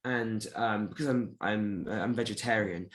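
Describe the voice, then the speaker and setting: A man's voice: lowish voice, moderate pace. Rambling man telling a story. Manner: rambling storyteller, many fillers and restarts. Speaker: robot combat team member. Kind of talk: casual interview chat.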